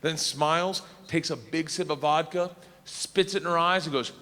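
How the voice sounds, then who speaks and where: Man, stand-up comic, raucous, sharp bright voice, reverberant stage, faint noise. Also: on the high side, normal speed. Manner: loud, raucous, shouting punchlines. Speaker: comedian. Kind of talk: stand-up storytelling.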